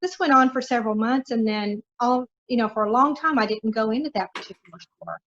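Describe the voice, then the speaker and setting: A woman's voice: a little high, brisk, a bit bright, dull audio. A middle-aged woman guest on a podcast, talking in an earnest, encouraging way with lots of fillers. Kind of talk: casual interview talk.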